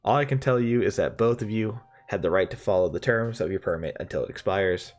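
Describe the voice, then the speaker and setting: A man voicing a calm male police officer who speaks in a plain, official, matter-of-fact way. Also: lowish voice, fairly quick, faint music behind, natural voice.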